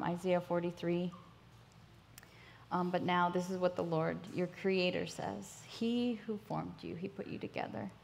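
Earnest woman minister, gravelly voice, faint background noise. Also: on the low side. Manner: gentle, earnest, many ums. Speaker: guest minister. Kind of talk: reading scripture and prophetic words. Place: church sanctuary.

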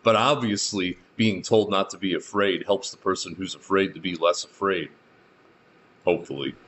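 A man's voice: low voice, moderate pace, fairly bright tone, lo-fi sound, slight background noise. A male pastor reading scripture verse by verse and adding his own remarks, with dry asides in between. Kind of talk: verse-by-verse Bible teaching.

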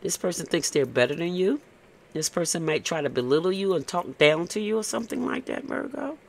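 A man's voice: on the high side, expressive, fairly quick, gravelly. A man giving a casual, blunt tarot reading, tagging "okay?" onto his points and cursing freely. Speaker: tarot reader.

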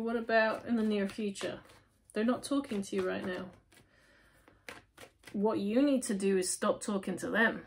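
A woman's voice: medium pitch, a little mellow, slight background noise. A woman giving a casual tarot reading to camera, talking straight to the viewer and asking and answering her own questions. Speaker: tarot reader.

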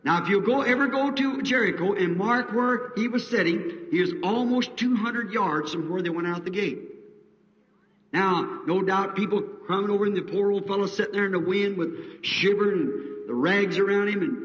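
Fervent high-voiced preacher on old hall tape. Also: male voice, moderate pace, fairly bright tone. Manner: fervent folksy storytelling, voice surging to cries; colloquial country grammar. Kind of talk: revival sermon. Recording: dull old sermon tape, distant mic in a reverberant hall.

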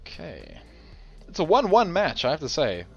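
A man's voice: fairly high pitch, moderate pace, vocal fry. Tired man commentating a game stream. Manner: relaxed, chuckling, rambling. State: tired with a sore throat. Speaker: tournament host streaming a game. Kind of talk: casual live game commentary. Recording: dull lo-fi stream audio with game music. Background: faint game music.

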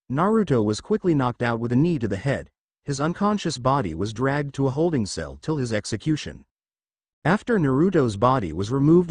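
A man's voice: medium pitch, a little mellow, dry recording. A man narrating a fan fiction story in a plain reading manner.

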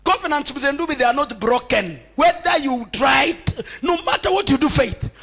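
A man with a Kenyan accent preaching a sermon as a bishop, using call-and-response and repeating his lines back to the congregation, shifting between shouted, sing-song declarations and quieter asides. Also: very high voice, animated, moderate pace, vocal fry, low-quality recording. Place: church.

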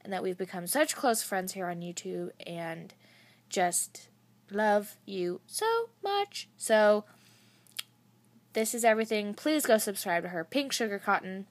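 A young woman vlogger gushing and rambling excitedly as she unboxes gifts. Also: mid-range voice, unhurried, no echo. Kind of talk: casual unboxing chat.

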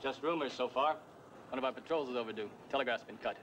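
An actor playing a brisk, official young cavalry lieutenant. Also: male voice, medium pitch, a bit bright, natural voice. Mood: urgent. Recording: outdoor film soundtrack with background noise.

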